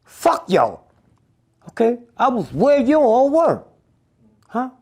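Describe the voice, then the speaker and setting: A man's voice: very high voice, huge pitch swings, slow, a little mellow. An older man, telling stories bluntly and profanely in an interview, keeps asking "Huh?". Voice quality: gravelly and husky.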